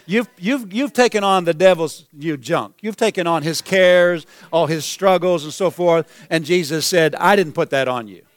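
A man's voice: fairly high pitch, normal speed, few pauses, no echo. A man preaching a sermon as pastor, building to emphatic exclamations.

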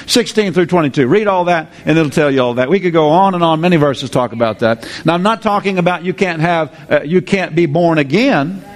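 Man preaching a sermon, fairly high voice, lively and repetitive, calls out to the congregation. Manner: lively preaching with call-and-response, repeats phrases.

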